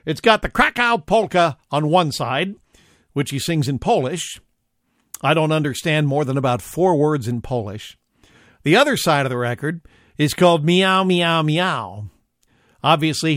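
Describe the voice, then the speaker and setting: A man's voice: on the high side, a bit bright, no room sound, clean studio sound. An older man hosting a radio show, chatting casually and joking in a folksy way between records.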